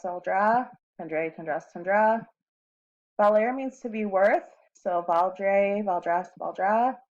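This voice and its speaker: A woman teacher slowly walking students through recorded lesson notes, with frequent ums. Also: fairly low pitch, darkish tone. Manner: slow and deliberate, with frequent ums. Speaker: Spanish teacher. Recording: slightly dull lo-fi audio.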